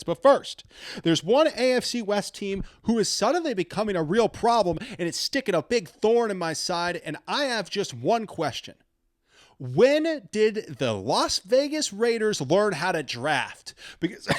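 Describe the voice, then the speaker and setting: A man hosting a sports talk show, ranting in an excitable, self-mocking way. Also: high-pitched, no echo, studio quality. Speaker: sports podcast host.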